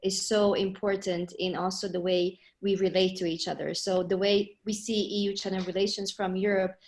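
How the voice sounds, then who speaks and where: A woman speaks as a panelist in a measured way. Her pitch stays flat and even throughout. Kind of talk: academic panel discussion.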